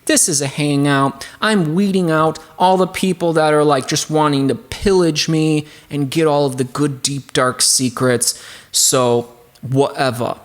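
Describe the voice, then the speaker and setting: A man's voice: on the high side, steady tone, measured pace. A man hosting a casual music production tutorial hangout, rambling with lots of fillers and asides. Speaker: host. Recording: loud music underneath. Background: loud music.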